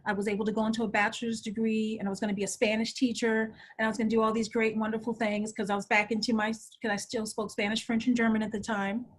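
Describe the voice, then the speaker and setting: A middle-aged woman with a husky, fairly high voice tells her story in a lively interview. She acts out the people she quotes and keeps the flow conversational. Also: quick pace, hardly any pauses. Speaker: guest.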